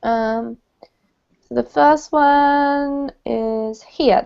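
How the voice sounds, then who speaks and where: A woman's voice: on the high side, animated, measured pace, darkish tone. Patient woman teaching English online. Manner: encouraging, patient, corrects pronunciation. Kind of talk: online language lesson feedback. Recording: dull lo-fi call audio.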